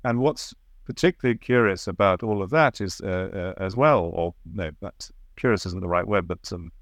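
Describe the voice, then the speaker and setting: A man's voice: deep voice, normal speed, dry recording. A man being interviewed as the author of a biography, answering reflectively and sometimes searching for the right word.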